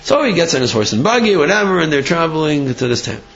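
Lively man telling a story. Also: a little high, quick pace, soft background music. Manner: lively, with frequent restarts and acted quotes. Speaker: storyteller teaching a class. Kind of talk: animated storytelling. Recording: muffled lo-fi recording.

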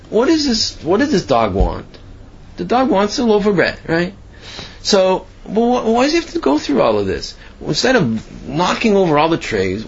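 A man's voice: fairly high pitch, gravelly, husky, muffled recording. A man giving a sermon and telling parables, asking himself questions as he goes. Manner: storytelling, animated, asks himself questions.

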